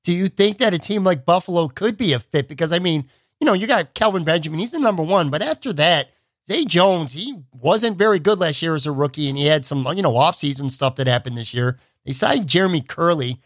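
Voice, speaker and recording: A man's voice: fairly high pitch, expressive, a little fast, dry recording, studio quality. A man hosting a podcast, asking long, chatty, run-on questions. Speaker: podcast host. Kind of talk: casual interview questions.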